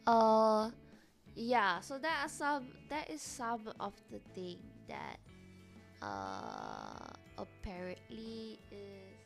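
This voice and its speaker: A young woman streamer chatting casually with her viewers, reacting loudly and animatedly to chat comments. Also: medium pitch, wildly swooping pitch, very slow, gravelly, music in the background.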